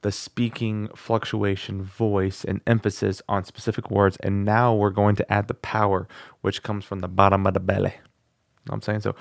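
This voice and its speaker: A man's voice: on the low side, level tone, moderate pace, vocal fry, no echo, clean studio sound. A man hosting his own music channel, chatting casually while he works through a beginner singing course and tries the vocal exercises aloud. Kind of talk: casual vlog lesson. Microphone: studio microphone.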